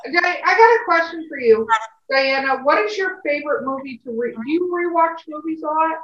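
A woman from California chatting casually as a co-host, telling animated stories. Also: sits high, moderate pace. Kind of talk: casual chat. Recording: distant, roomy and muffled.

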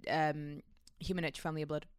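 A woman co-hosts a relaxed podcast chat, her voice low-set and smooth. She rambles through her points with plenty of fillers and breaks into easy laughter, and she sounds dry and close to the mic. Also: quick pace, dry recording. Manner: laughs easily. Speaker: podcast co-host. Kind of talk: casual chat.

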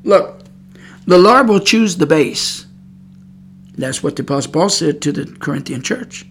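A woman's voice: low-pitched, lively intonation, unhurried. A woman preaching on a podcast, emphatic and scolding, repeating her points. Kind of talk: preaching monologue.

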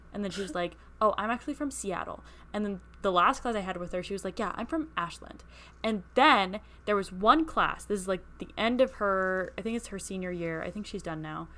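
A woman's voice: mid-range voice, a little fast. A woman in her twenties, from the Portland area, co-hosting a casual podcast and acting out quotes as she retells. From Portland area, Oregon. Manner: animated, acts out quoted voices while retelling. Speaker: podcast co-host. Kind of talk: casual chat recapping a book.

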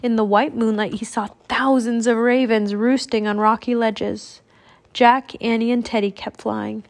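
A woman reading a children's adventure book aloud in a steady storytelling manner. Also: on the high side, measured pace. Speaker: audiobook reader.

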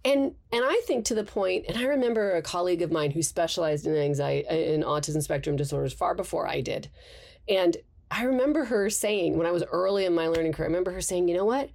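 A woman's voice: fairly low pitch, fast, gravelly, darkish tone. A woman guest psychologist explaining thoughtfully in conversation, with light laughs. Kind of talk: conversational expert interview.

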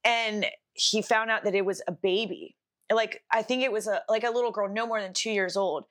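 A young woman co-hosts a podcast, her mid-range voice a bit bright and fairly even in intonation at a moderate pace. She tells a story casually and ramblingly, packed with fillers and swearing.

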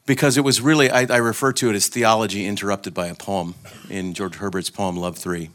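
Low-voiced man giving a relaxed sermon talk. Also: brisk. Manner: conversational, with fillers and restarts. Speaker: speaker at a retreat gathering. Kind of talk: informal reflective sermon talk.

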